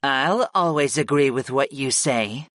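A man's voice: medium pitch, measured pace, a bit bright, no echo, studio quality, natural voice. A man voicing a scornful monster goddess. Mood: flattering. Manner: sneering then meek. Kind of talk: audiobook character voice.

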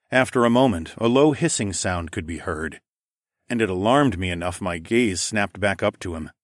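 A man narrating a first-person fantasy audiobook in a measured, even storytelling manner. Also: lowish voice, no room sound, studio quality.

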